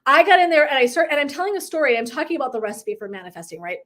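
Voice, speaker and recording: A woman's voice: high-pitched, big pitch swings, racing, a bit bright. A middle-aged woman wellness coach talking candidly in a casual live stream, swearing and laughing as she acts out her own thoughts.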